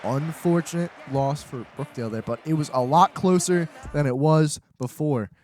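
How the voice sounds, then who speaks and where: A man giving live esports play-by-play from a college studio set, excitable and tripping over his words. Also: fairly high pitch, normal speed. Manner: excitable, stumbles and repeats words. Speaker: esports caster. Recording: steady background noise.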